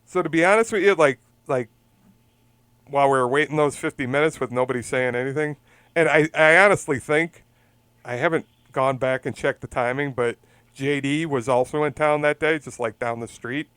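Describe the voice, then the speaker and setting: A man co-hosting a casual talk show rambles through a long story and laughs as he goes. His voice is smooth and clear, recorded close and dry with no room sound. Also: medium pitch, moderate pace, fairly bright tone, no room sound. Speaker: podcast co-host. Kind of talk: casual chat.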